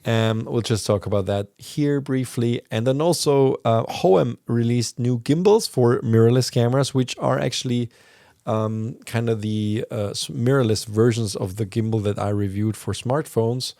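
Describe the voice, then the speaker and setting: A man's voice: medium pitch, moderate pace, vocal fry, dark tone, no echo, studio quality. A man hosting a podcast, explaining news in a casual, rambling way with plenty of fillers. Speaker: podcast host.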